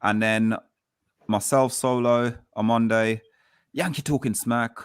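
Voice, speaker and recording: A man's voice: mid-range voice, fairly even intonation, slow, clear, resonant tone, no room sound, clean studio sound. A man hosting a casual football fan show, upbeat and repeating himself. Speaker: host.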